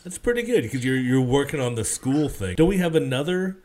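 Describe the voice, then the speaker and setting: A man's voice: medium pitch, animated, fairly quick, darkish tone, faint music behind. A man co-hosting a casual comedy podcast, with a dry, wry way of talking. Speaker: podcast co-host.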